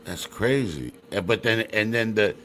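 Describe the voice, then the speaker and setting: Blunt, low-voiced male host. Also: lively intonation, normal speed, fairly bright tone, slight background noise. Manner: casual, blunt, reacts with swearing. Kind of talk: casual interview chat.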